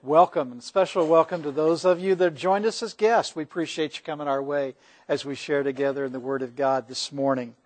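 A man's voice: on the high side, brisk. A man pastor delivering a sermon to his congregation, earnest, rising when he reads scripture. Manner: earnest preaching, swells for quoted scripture. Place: church sanctuary.

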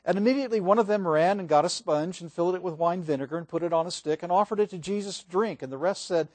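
A male pastor preaching a sermon, reading scripture aloud and moving between swelling emphasis and hushed passages. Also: high-pitched, quick pace, hardly any pauses, no room sound.

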